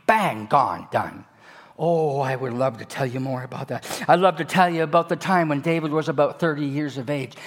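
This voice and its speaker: A pastor delivers a sermon, his voice on the high side as he tells stories with animation, swinging from loud to hushed.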